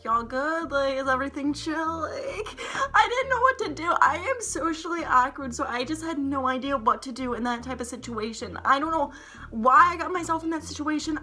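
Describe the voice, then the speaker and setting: A woman's voice: high-pitched, pushed and bright. A young woman vlogger telling a heated storytime, rambling, swearing often and saying "like" a lot. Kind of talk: storytime vlog to camera.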